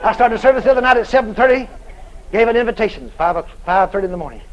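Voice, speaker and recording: A male evangelist tells a story from the pulpit in a folksy, dramatic way. His voice sits very high for a man and leaps up and down constantly. He bursts into shouts whenever he acts out what someone said. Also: animated, rapid-fire, dull audio, a faint crowd, slight background noise. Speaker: evangelist preacher. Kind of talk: storytelling sermon.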